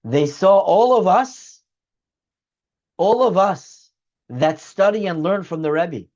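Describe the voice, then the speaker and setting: A man's voice: high-pitched, expressive, slow, darkish tone, lo-fi sound. A man teaching as a rabbi, telling a story in an earnest way and acting out its dialogue. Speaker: rabbi teaching a weekly class. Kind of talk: storytelling lecture.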